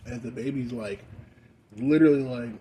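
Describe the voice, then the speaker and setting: Young American man, high, rambling profane rant, mid pitch, noisy track. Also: moderate pace, mellow. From United States. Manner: rambling, heavy on "like" fillers, profane. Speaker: vlogger. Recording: noisy background.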